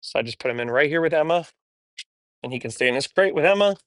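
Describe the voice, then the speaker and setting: Animated and fast, this man's slightly bright voice comes through in a dry recording. He trains a dog while talking casually and openly to the camera, and his praise for the dogs turns high and cheerful.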